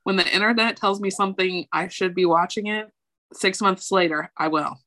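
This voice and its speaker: A woman co-hosting a podcast in casual chat, enthusiastic and quick to react. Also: medium pitch, steady tone, bright, forceful tone. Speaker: podcast co-host.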